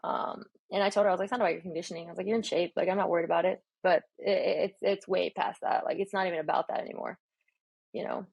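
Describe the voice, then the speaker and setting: A guest strength and conditioning coach speaks in a lowish, rapid-fire, creaky voice with a breathy edge. Recorded without echo but with the highs cut off, she animatedly tells a podcast story and acts out her own lines.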